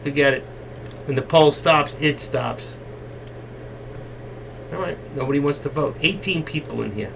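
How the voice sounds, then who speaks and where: A man hosting a live trading stream, coaxing and teasing his viewers and now and then breaking into loud shouts. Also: a little high, a little slow, gravelly, long pauses. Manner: coaxing, teasing and exasperated with the chat. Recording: distant mic, faint room noise.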